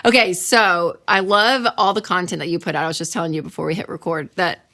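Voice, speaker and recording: A woman in her thirties hosting a podcast interview, chatty and animated, laughing easily and using lots of fillers. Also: lowish voice, fast talker. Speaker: podcast host. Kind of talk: casual interview chat.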